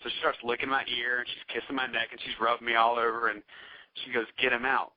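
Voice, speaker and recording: A man's voice: medium pitch, quick pace. A man casually telling a wild story as a podcast guest, swearing freely and acting out what others said. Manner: animated, profane, acts out quoted voices. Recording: dull, dry lo-fi podcast audio.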